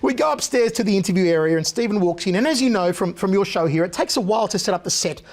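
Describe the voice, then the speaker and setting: A man sits as a guest on a talk show and spins long, animated stories. His voice sits notably high for a man, and he slips into the voices of the people he describes. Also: quick pace. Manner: lively storyteller who mimics other people's voices. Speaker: interview guest. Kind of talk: animated anecdote-telling.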